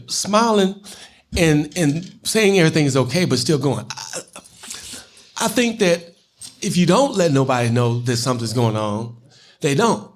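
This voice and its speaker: A man co-hosting a live talk show, earnest and reassuring in loose casual speech. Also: fairly high pitch. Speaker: co-host.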